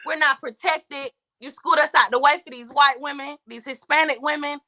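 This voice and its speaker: Female guest, high bright voice, forceful and emphatic, talks over everyone. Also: steady tone, moderate pace. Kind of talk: heated debate.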